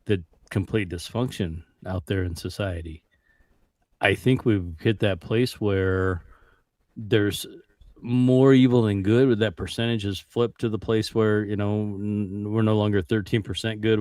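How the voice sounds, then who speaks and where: A man on a casual online panel with a somewhat low voice. He talks in a blunt, matter-of-fact way. The sound is dry and close to the mic. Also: fairly even intonation, measured pace, darkish tone, no echo. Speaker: panel guest.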